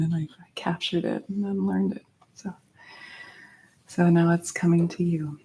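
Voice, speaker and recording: A woman from Central California teaching a Buddhist meditation class, explaining gently with a light, playful touch. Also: fairly low pitch.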